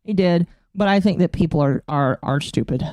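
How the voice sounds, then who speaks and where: Flustered streamer woman, mellow and dry. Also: fairly low pitch, normal speed, no echo. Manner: flustered, exasperated, talks to herself while fiddling with settings. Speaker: VTuber streamer. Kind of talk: casual live-stream chat.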